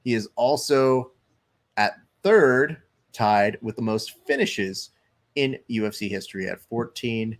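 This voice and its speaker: A man's voice: mid-range voice, takes it slowly. A man hosting a live stream, chatting loosely, reading viewer comments aloud and commenting on fights. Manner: loose, chatty, swearing, reads chat aloud.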